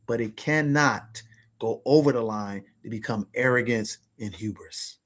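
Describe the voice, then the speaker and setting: A man in his fifties telling a motivational story to his listeners, animated and slangy, often calling out to them as ladies and gentlemen. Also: mid-range voice, moderate pace. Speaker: podcast host and money coach.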